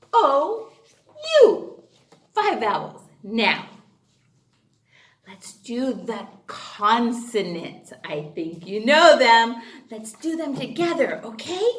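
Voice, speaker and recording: Cheerful woman teacher, high lively voice, unhurried phonics drills. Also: reverberant. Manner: animated and sing-song, gasps and cheers often. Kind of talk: phonics lesson for young children.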